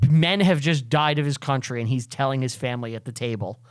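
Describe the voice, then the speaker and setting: A man's voice: a little fast, clean tone, dry recording. A man co-hosting a casual history podcast, joking and swearing freely. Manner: joking, swears, jumps up in pitch when laughing. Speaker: podcast co-host. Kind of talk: casual chat.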